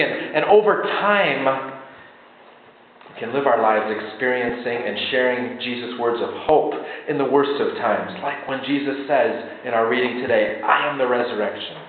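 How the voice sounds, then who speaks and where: A man preaching a sermon as pastor, in a gentle, repetitive cadence that grows quiet in prayer. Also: medium pitch, slight background noise. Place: church sanctuary. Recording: echoey sanctuary on a tinny line.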